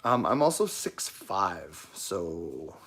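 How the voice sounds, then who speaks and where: A man's voice: low voice, very animated, slow, fairly bright tone, slightly rough. A man hosting a livestream of his knife-making shop, chatting easygoing and joking with viewers as he answers their comments. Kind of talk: casual live chat answering viewer comments.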